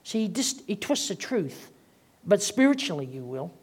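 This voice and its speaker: Middle-aged man, pastor, fairly high voice, chatty sermon delivery. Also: sing-song, moderate pace, darkish tone, breathy edge. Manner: conversational preaching, acts out quoted voices.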